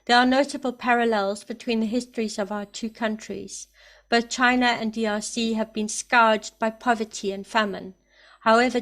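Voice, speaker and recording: A woman giving emphatic, excited spoken commentary, often repeating herself for emphasis. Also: fairly high pitch. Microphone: computer mic, camera off.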